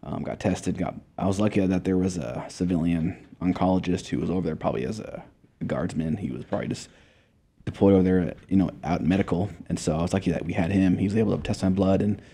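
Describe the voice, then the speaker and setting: A man's voice: low-pitched, fairly even intonation, fast, mellow, husky. A young man from Montana, a guest in a casual interview, telling his story in a laid-back way, with lots of swearing and filler words. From Montana, USA.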